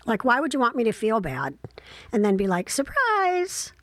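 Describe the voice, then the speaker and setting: A middle-aged woman from Ohio talks through memories as a mother, her tone candid and wryly reflective, with a few ums and likes along the way. Her voice sits at an ordinary middle pitch. The recording is dry and close, with no room sound. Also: big pitch swings, a little fast, no room sound. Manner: candid, reflective, wry, with frequent fillers. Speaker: mother telling personal stories. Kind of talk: casual personal storytelling.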